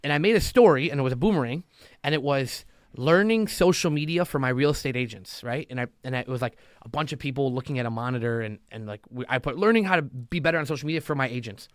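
A loan officer appears as a podcast guest in casual conversation, speaking fast in a medium-pitched voice. He's emphatic and motivational, hammering his points home through repetition. The sound is studio quality with no room sound.

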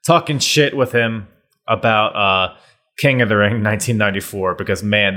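A man's voice: fairly low pitch, pushed and bright. A young man hosting a podcast, rambling casually through his intro and laughing at himself. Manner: rambling, self-deprecating, laughs often. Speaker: podcast host.

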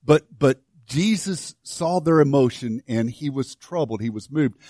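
A man preaching a sermon to his church, swinging from hushed, slow lines to loud, fervent ones. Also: mid-range voice, lively intonation, dry recording, clean studio sound. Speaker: pastor.

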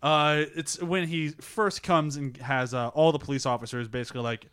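Bright-voiced rambling man. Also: mid-range voice, steady tone, moderate pace, hardly any pauses, clean tone. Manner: rambling, profane, filler-heavy. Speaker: podcast co-host. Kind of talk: casual film discussion.

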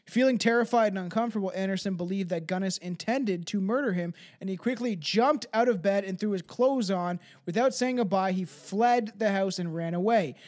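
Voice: mid-range voice, brisk, hardly any pauses, a little mellow. A podcast host telling a true-crime story casually, swearing and tripping over names. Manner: swears freely, laughs, trips on names.

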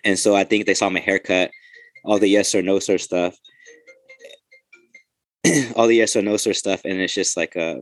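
A man's voice: deep voice, steady tone, normal speed, long pauses, no echo. A man, a police officer and podcast host, telling loose, profane stories in casual chat.

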